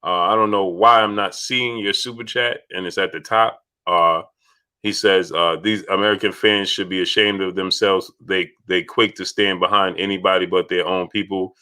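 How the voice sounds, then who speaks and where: A man's voice: low-pitched, fairly even intonation, moderate pace, sharp tone, smooth. A man hosting a casual livestream, greeting chat donors and repeating himself as he talks. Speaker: livestream host.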